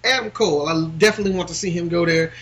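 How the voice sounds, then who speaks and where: A man's voice: high voice, very fast, fairly bright tone. A man chatting casually about wrestling as a podcast co-host, rambling with lots of fillers. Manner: rambling, many fillers, laughs often.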